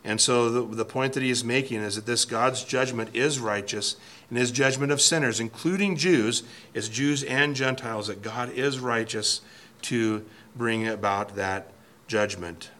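A man's voice: medium pitch, measured pace, fairly bright tone. A man teaching through a Bible passage verse by verse, thinking aloud and reading commentary quotes. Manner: thoughtful, restarts phrases, reads quotes aloud.

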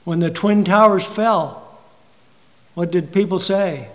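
High-voiced preacher in a reverberant hall. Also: male voice, expressive, moderate pace, fairly bright tone. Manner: rhetorical questions, rises to emphatic peaks then drops low. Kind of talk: sermon.

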